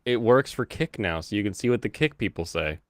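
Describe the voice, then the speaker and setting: A man's voice: on the low side, animated, a little fast, no room sound, clean studio sound. A man hosting a stream, chatting casually and hesitantly with many fillers. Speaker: streamer host. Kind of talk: casual chat.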